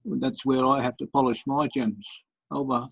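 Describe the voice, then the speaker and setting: A man speaking in a group video call discussion, talking in a measured way and signing off his turn with "over". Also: medium pitch, steady tone, creaky, fairly bright tone, slightly rough, no room sound, rough recording. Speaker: participant.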